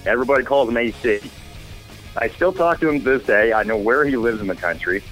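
A man in casual radio chat, telling wild, profane anecdotes with animated energy. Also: mid-range voice, fast talker, soft background music, poor audio. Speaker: guest storyteller.

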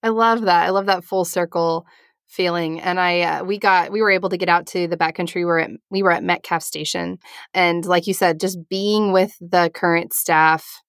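A woman hosts a casual interview, affirming her guest and asking open questions. Her voice is low with a gravelly fry. The recording is dry and close. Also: fairly even intonation, moderate pace, no room sound. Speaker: podcast host.

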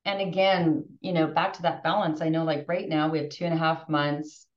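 Animated woman in her fifties, echoey and distant. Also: low voice, normal speed. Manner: animated, emotional, frequent restarts. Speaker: podcast guest. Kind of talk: casual podcast conversation. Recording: distant roomy muffled remote audio.

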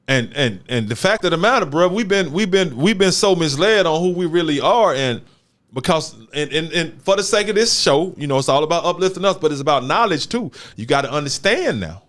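A man in casual conversation, his voice sitting a little high and swinging widely up and down. He talks with animated emphasis and loose street slang, often repeating words to drive a point home. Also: moderate pace. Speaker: show host. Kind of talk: casual chat.

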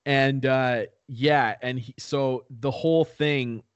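A young man chatting on his podcast, rambling and animated as he tells a story. His voice sits at an ordinary middle pitch and sounds very dry and close on a new microphone, with no room around it. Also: slow, clear, resonant tone, no echo, lo-fi sound. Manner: rambling, animated storyteller who acts out quotes in high voices. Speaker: podcast co-host. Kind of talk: casual chat.

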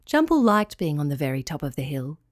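A woman reading a children's story aloud, in a calm, clear and expressive way. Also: sits low, brisk, no room sound, studio quality.

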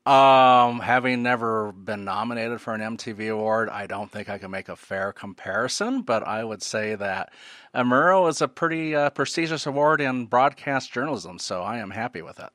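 A man's voice: mid-range voice, moderate pace, a bit bright, no room sound. Self-deprecating man, dry close sound. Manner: self-deprecating, laughs often. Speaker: podcast guest, radio journalist. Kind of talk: casual chat.

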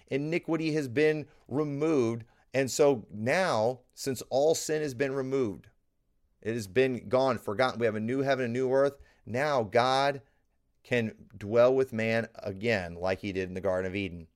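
A man preaches as a pastor, his voice sitting at an ordinary middle pitch. He drives each point home by repeating it. The delivery is a steady sermon-style Bible teaching. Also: moderate pace. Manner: emphatic, repeats key lines.

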